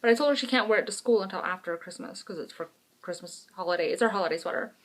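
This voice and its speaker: A woman with a mid-range voice talks at a quick pace as she co-hosts a podcast. Chatty and animated, she tells stories with frank, self-mocking humor in casual conversation.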